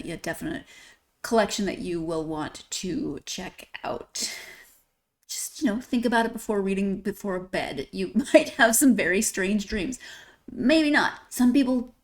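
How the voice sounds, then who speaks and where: A woman hosts a podcast and talks casually and at length to her listeners. Her voice sits at an ordinary, mid pitch for a woman. She rambles, teases herself and breaks into small laughs. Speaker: podcast host. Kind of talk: casual solo podcast sign-off.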